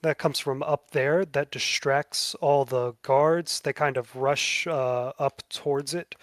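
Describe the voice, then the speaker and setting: A man narrating a tabletop game as game master, in a relaxed, casual way. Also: medium pitch, slow, no room sound, clean studio sound.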